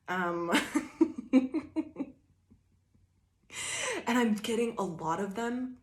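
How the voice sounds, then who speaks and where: A woman's voice: medium pitch, a little slow, long pauses, echoey room. A woman giving a casual, rambling tarot reading, laughing often and acting out quoted voices. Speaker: tarot reader.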